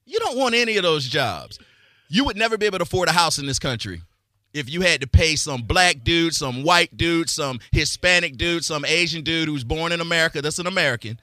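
A man's voice: fairly high pitch, lively intonation, brisk, bright, forceful tone, dry recording. A male radio show host talking in brash, joking, streetwise banter.

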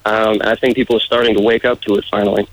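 A man's voice: lowish voice, flat delivery, fast, rough recording. A man with a muddled mixed accent, a political candidate answering radio interview questions in an easygoing way. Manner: easygoing, laughs off teasing.

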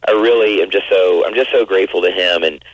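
A man's voice: low-pitched, fast, no echo, muffled recording. A man in his forties, a guest actor, chatting in an interview with many restarts and fillers. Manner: rambling, full of restarts and you-knows. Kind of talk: casual interview chat.

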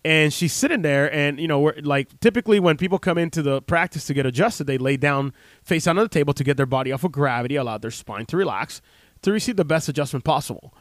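A man's voice: fairly high pitch, dry recording. A man in his thirties, a chiropractor hosting a radio talk show, speaking casually with many fillers and restarts into a close studio mic.

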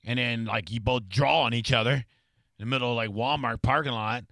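A man's voice: mid-range voice, fairly quick, a bit bright, no echo. A man hosting a casual talk show, telling boastful, wry stories. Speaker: podcast host. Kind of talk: casual chat.

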